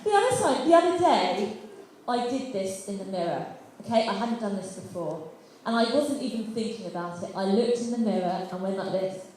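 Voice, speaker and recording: A woman's voice: medium pitch, expressive, moderate pace. A woman doing a self-deprecating open mic stand-up set, chatty and laughing through her lines. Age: adult past eighteen. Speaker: stand-up comedian. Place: school hall stage. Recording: echoey school hall, faint noise.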